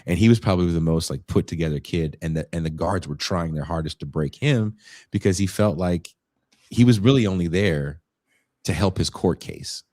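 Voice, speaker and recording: A man with a deep, low voice tells a story in casual podcast chat, animated and blunt, with the odd curse. The sound is dry and close, with no room around it. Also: moderate pace, no echo. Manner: animated retelling with swearing and acted quotes. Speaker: podcast co-host.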